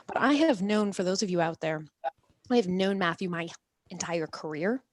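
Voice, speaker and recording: A woman's voice: fairly low pitch, a little fast, no room sound. A woman hosting a live-streamed talk show, upbeat and talkative as she explains things to her audience. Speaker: host of a live industry show.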